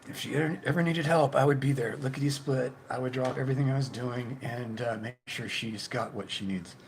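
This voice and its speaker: A man hosting a casual live stream, reading viewer comments and chatting in a rambling, halting way, repeating his words. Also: medium pitch, background noise. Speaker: YouTube channel host.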